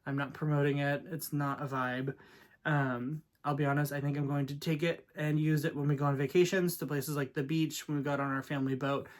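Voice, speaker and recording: A man's voice: on the high side, level tone, brisk. A man vlogging in a casual storytelling style, chatty and sassy with dramatic asides. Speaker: vlogger and real estate agent.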